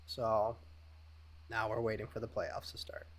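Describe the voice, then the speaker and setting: A man co-hosting a podcast in casual chat, telling stories in a relaxed way and laughing easily. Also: on the low side, a little slow. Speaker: podcast co-host.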